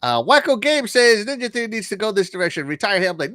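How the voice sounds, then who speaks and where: A lively, fairly high-voiced man with a Southern American accent hosts a casual gaming stream, reading viewer comments and laughing easily. His pitch swings widely, and the sound is dry and close. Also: moderate pace, no echo. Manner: laughs often, animated. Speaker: show host reading chat. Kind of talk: casual livestream chat.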